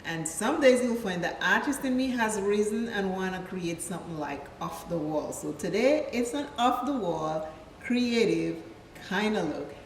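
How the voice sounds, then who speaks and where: A makeup vlogger from Dominica chats playfully through a tutorial and drifts into stories from her childhood. Her voice is medium-pitched, animated and unhurried, recorded in an echoey room with the mic at a distance, with slight background noise and faint music.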